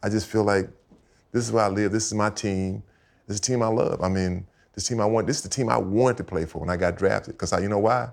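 Deep gravelly older man telling stories. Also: fast. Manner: animated storyteller, repeats himself, acts out quotes. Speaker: guest, retired football player. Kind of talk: casual storytelling chat. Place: house set for a podcast.

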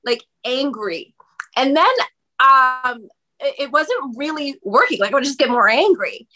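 A woman guest on a podcast speaking candidly about her own experiences in an expressive, animated conversational way. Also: sits high. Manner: animated, expressive, quick bursts of speech.

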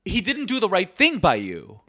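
High, lively, bright-voiced man ranting. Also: moderate pace. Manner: heated, emphatic ranting. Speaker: podcast guest. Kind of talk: casual podcast chat.

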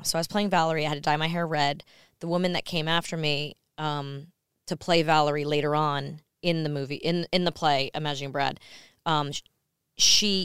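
A woman in her fifties with a New York accent, telling stories quickly as a podcast co-host in casual chat. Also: sits low, fairly bright tone, clear, resonant tone, dry recording, clean studio sound. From United States. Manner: fast-talking storyteller.

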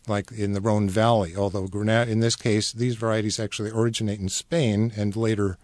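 A man guest on a radio show explaining wines in a knowledgeable, measured way with many fillers. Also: fairly low pitch, level tone, darkish tone, dry recording. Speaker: wine importer guest. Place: radio studio.

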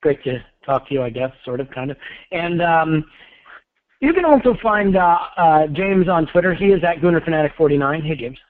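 A man's voice: a little high, lively intonation, normal speed, dry recording. Wry podcast host man on phone line. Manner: wry, joking, self-deprecating. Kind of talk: casual podcast hosting. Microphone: cell phone call-in.

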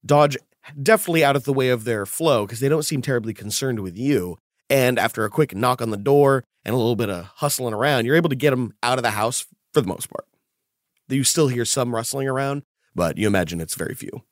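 A man narrates a tabletop game as its game master, describing each scene in a steady, even way. His pitch sits in the middle. The sound is dry and close. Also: a little fast, no echo.

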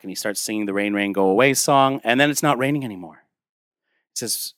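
A man's voice: fairly low pitch, fast, a bit bright, no echo, studio quality. A man casually retelling a comic story aloud at home, rambling with asides and fillers, now and then talking to a child.

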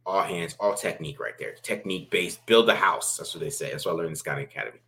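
A man's voice: sits low, animated, fast talker, vocal fry, fairly bright tone. A man casually breaking down football game film, rambling with many restarts and "right?" tags. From family from Baltimore.

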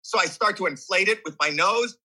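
A man in his sixties tells his story as an interview guest, animated and restless. His voice sits a little high and sounds sharply tense, with a husky edge. He jumps between restarts and acted-out reactions. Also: brisk, low-quality recording. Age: 60s. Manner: animated, acts out voices and reactions while recounting; restless, frequent restarts and repeated words. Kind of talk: candid storytelling conversation.

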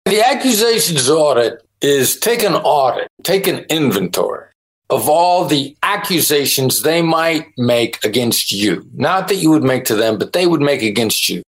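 A man's voice: on the high side, sing-song, normal speed, slightly rough, low-quality recording. A middle-aged man, a guest on a podcast interview, explaining his ideas emphatically and acting out example phrases. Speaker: negotiation expert guest.

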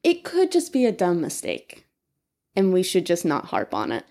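An American woman in casual conversation, calmly reasoning her points one by one. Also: on the low side, normal speed. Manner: even-tempered, reasons point by point.

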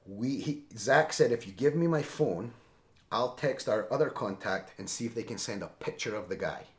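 A middle-aged man, a former Marine and podcast guest, tells a tense story in a lively conversational way, often checking in with "right?". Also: mid-range voice, moderate pace. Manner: animated, seeks agreement with frequent "right?". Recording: roomy echo.

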